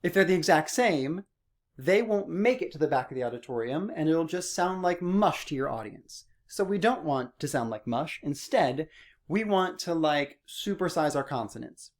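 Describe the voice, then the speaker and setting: A man's voice: a little high, lively intonation, moderate pace. A young man teaching a singing lesson to his students, playful and sometimes exaggerating his vowels and consonants to demonstrate. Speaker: music teacher.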